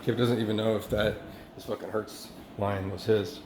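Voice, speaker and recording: A man's voice: on the low side, flat delivery. Man rambling in an echoey, noisy room. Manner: profane, halting, many restarts and fillers. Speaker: vlogger. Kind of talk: rambling self-recorded monologue.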